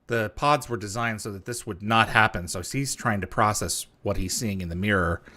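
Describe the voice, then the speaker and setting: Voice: sits low, normal speed, pushed and bright. A co-host on a casual rewatch podcast, offering short comments and dry quips.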